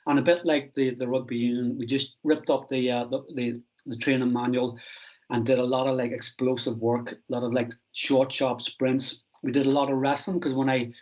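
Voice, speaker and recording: On a dull lo-fi recording, an Irish strength and conditioning coach, a male guest with a medium-pitched voice, tells lively stories in a conversational interview. His animated anecdotes are peppered with restarts and "I goes."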